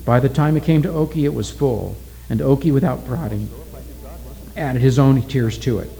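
A man narrating a story aloud in a steady, deliberate reading style. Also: mid-range voice, vocal fry, low-quality recording.

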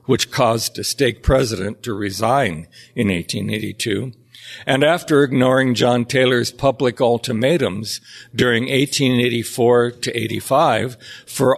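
Gravelly man reading history aloud. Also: medium pitch. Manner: measured, deliberate reading with occasional slips. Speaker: history narrator.

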